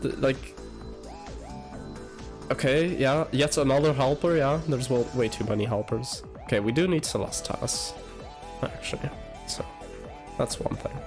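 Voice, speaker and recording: Slow-talking young man streaming. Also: mid-range voice, music in the background. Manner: halting, stammering restarts, rambling. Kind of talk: casual live-stream commentary.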